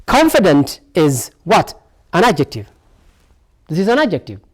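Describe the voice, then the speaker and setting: A man's voice: high voice, wildly swooping pitch, normal speed, husky. A man teaching an English lesson, drilling each word over and over and asking rhetorical "what?" questions. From Ethiopia. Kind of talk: televised classroom lesson.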